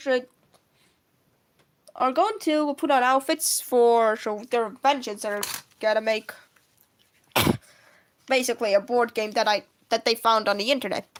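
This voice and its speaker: With a higher-pitched voice, this Russian comic artist rambles through casual live-stream chat as she draws. She keeps correcting herself and coughs frequently.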